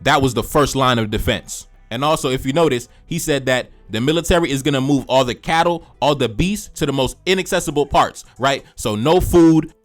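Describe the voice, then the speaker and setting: A man reading a historical document aloud, breaking off for animated, slangy asides and repeating phrases for emphasis. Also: mid-range voice. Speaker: history commentator.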